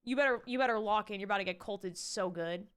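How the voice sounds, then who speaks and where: A young woman streaming live, chatting and ranting to her viewers in an animated way, swearing casually. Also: medium pitch, fast, clean tone. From Canada. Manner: animated, ranty, swears casually, talks to chat.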